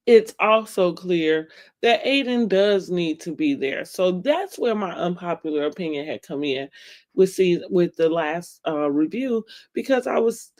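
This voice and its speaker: A woman's voice: fairly low pitch, darkish tone. A woman vlogger giving a casual, opinionated recap of a TV episode, talking straight to her viewers and laughing often.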